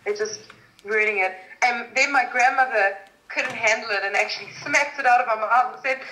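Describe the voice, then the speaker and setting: A woman's voice: a little high, a little fast, reverberant, a little hiss or hum, low-quality recording. A woman from South Africa, a guest in a casual interview, telling family stories with lots of laughter. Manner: laughing, animated storytelling. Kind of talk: casual chat.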